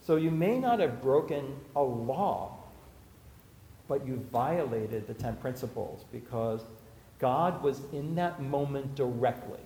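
A man's voice: medium pitch, animated, slow pace, mellow, a little hiss or hum. Man lecturing in an echoey hall. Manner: conversational, anecdotal, acts out quotes. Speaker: speaker teaching about Jewish law. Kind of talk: lecture to a live audience. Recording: echoey hall, faint ambience.

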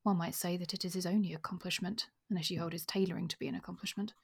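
A woman with a somewhat low, breathy voice, co-hosting a book podcast. She discusses the story casually and reads passages aloud at a measured, even pace. Her delivery stays relaxed. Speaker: podcast co-host.

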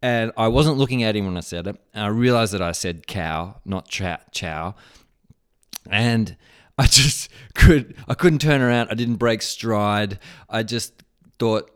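A man's voice: lowish voice, measured pace, smooth. An Australian man hosting a podcast, jet-lagged and telling a rambling, self-mocking story in casual chat. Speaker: podcast host.

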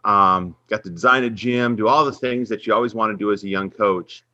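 A middle-aged man tells a long personal story in an earnest, animated way. His voice sits fairly low but comes across bright and forceful. The recording is dry and a little muffled. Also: no echo. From Minnesota. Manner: earnest, faith-centered storytelling, animated when quoting others. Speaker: head women's basketball coach, guest. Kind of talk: storytelling in a podcast interview.

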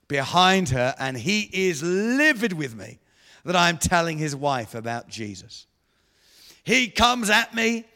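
A man preaching a sermon in a church, telling a story with animated delivery and acted-out voices. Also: sits high. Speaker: guest preacher. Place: church hall. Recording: echoey church hall.

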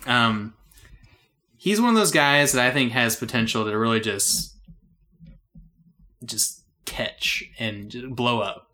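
A man's voice: mid-range voice, slow pace, long pauses, sharp tone. A young man co-hosting a casual music podcast, rambling with restarts and frequent laughs. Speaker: podcast co-host.

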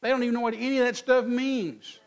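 A man's voice: very high voice, little pitch movement, fast talker, soft background music. A man, preaching in church in a blunt, folksy way and acting out both sides of quoted back-and-forth. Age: 60s. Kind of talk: sermon.

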